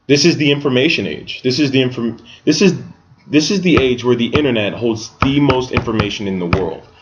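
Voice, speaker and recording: Halting man on a lo-fi podcast. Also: medium pitch, heavy background noise. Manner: halting, restarts often, searches for words. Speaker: podcast co-host. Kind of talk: casual discussion. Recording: dull lo-fi sound.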